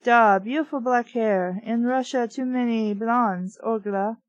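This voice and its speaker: A woman's voice: on the high side, unhurried, no room sound, highs cut off, close to an everyday voice. A boisterous male film actor full of oily good humor, as a woman reads him aloud. The delivery stays close to an everyday reading voice, heard dry with no room around it. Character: jovial male film actor faking Russian accent.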